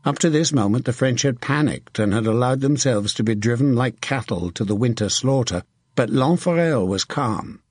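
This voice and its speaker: A man narrating a battle scene from an audiobook with steady, vivid storytelling. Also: medium pitch, normal speed, breathy edge, dry recording, studio quality. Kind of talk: scripted narration.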